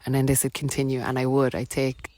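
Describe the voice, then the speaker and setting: A woman's voice: rumbling low, completely flat delivery, quick pace, darkish tone. Irish woman rambling through a personal story. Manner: rambling, filler-heavy, laughs between lines. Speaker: podcast guest, wellness coach.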